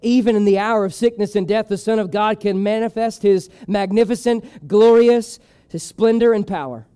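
A male preacher retelling a scripture story as a sermon, acting out its people and dropping to a hushed voice for emphasis. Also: high voice, normal speed, smooth.

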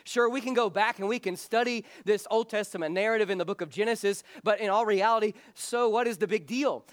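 A male pastor with a high-pitched voice preaching a sermon. He talks in an earnest, frank way and often repeats the start of a phrase. The sound is close and dry, with no room echo.

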